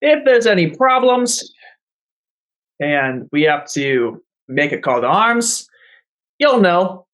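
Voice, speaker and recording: A man running a tabletop game as game master, casual and quick to laugh. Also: high voice, big pitch swings, a bit bright.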